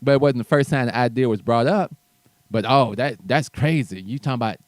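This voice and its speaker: A man's voice: mid-range voice, fairly quick, no echo. A man hosting his own show, ranting bluntly and profanely in a heated commentary monologue with mocking asides. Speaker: show host.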